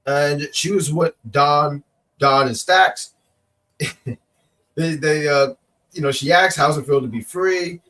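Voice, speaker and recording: A man's voice: on the high side, fairly bright tone, far from the mic. A man with a cough co-hosts a casual live stream. He rambles and teases viewers in the chat. His voice sits a little back from the microphone. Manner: rambling, joking, reads chat comments aloud. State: working with a cough. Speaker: co-host of a wrestling review show.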